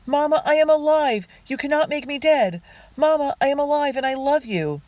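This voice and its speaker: A reader voicing a young woman shouting to her mother in a storybook reading. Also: very high voice, moderate pace, no room sound, far from the mic, voice pushed up. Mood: overjoyed.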